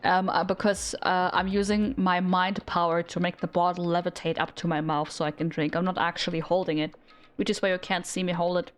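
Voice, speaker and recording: A woman's voice: lowish voice, little pitch movement, fairly quick. A young woman streamer chatting casually with her audience, giggling and rambling in a self-deprecating way. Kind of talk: casual live-stream chat.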